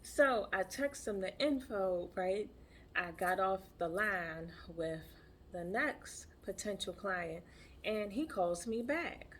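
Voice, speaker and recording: A woman's voice: medium pitch, animated, slow pace, fairly bright tone, a little hiss or hum. A woman who practices tantra, telling a personal story in a chatty, emphatic way and repeating her phrases. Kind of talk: casual storytelling.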